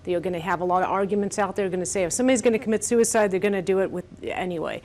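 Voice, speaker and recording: A woman's voice: medium pitch, rapid-fire, a little mellow. A woman advocating in a panel debate, arguing earnestly and firmly. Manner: earnest, firm, persuasive. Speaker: gun-safety advocate.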